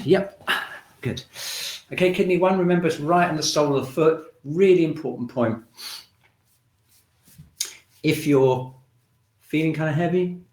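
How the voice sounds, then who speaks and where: A man leads a shiatsu class, calmly talking listeners through breathing and acupressure exercises. His voice sits in an ordinary middle pitch. It is picked up from a distance, with a roomy echo around it. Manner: calm instructive, guiding along with the movements. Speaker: shiatsu teacher. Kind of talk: guided breathing and movement class. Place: room in a shiatsu centre. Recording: roomy sound, mic at a distance.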